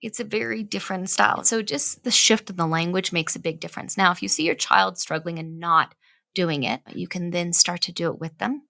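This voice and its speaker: A woman's voice: lowish voice, gravelly, sharp tone, dry recording. A woman in her thirties, a podcast co-host and mother, explaining parenting ideas in an earnest, conversational way and often checking in with "right?". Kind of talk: casual parenting chat.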